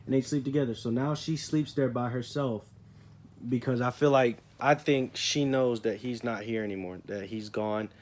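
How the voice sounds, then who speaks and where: A man's voice: medium pitch, steady tone, moderate pace. A young man talks in a rambling, emotional way in a casual personal vlog. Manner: rambling, emotional, repeats himself. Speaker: vlogger.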